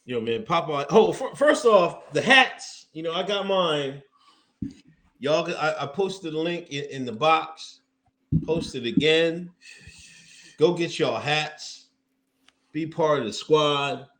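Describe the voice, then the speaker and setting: A man in casual podcast talk, a bit high-pitched and expressive. He rambles along with plenty of "you know" and "man". The delivery stays loose and conversational. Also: slow pace. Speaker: podcast co-host. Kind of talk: casual chat.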